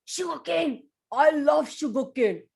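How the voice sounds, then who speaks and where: A woman voicing a hungry, friendly male elephant in a children's story, pleading and drawn-out. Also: sits high, exaggerated voice. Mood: excited.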